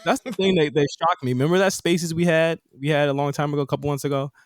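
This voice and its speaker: A man's voice: fairly high pitch, fairly even intonation, fast. A man hosting a casual chat podcast, talking animatedly in slang and laughing often. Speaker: podcast host.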